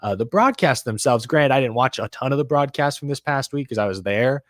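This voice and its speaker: A man's voice: mid-range voice, brisk, no echo, clean studio sound. A man hosting a casual racing podcast chat, leading the talk and running through standings. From American South. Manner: animated, runs through stats, leads the discussion. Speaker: podcast host.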